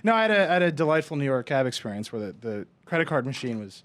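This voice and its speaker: A man co-hosting a podcast, telling stories in a quick, amused, casual way. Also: mid-range voice. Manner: quick, lively, amused storytelling. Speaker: podcast co-host. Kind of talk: casual chat.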